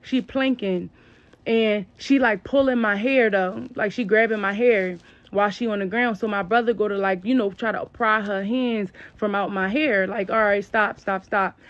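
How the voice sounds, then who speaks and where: A woman's voice: medium pitch, moderate pace, no room sound. A young woman telling a personal story in a casual, blunt and slangy way. She spells out curse words. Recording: dull, lo-fi, dry sound.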